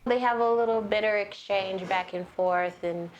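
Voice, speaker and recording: A woman co-hosting a comedic movie recap podcast, animated and acting out scenes. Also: mid-range voice, moderate pace, highs cut off, a little hiss or hum. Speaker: podcast co-host.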